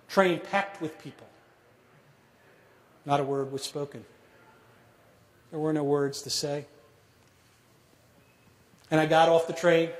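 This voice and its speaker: A middle-aged man telling a personal story to an audience, measured and dramatic, dropping to a hush at grave moments. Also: fairly high pitch. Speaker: speaker telling a survivor story. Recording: echoey hall.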